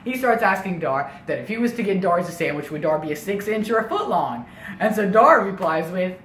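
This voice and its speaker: A young man telling a comedic family story in an animated way, full of casual asides. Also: high-pitched, fairly quick, distant mic. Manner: animated, lots of filler asides. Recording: echoey room, faint noise.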